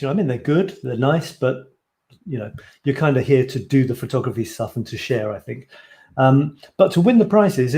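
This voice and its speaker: A man's voice: medium pitch, warm tone. Chatty man hosting a live stream. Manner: chatty, rambling, reads out viewer comments. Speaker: host of a photo challenge livestream. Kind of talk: casual live stream chat.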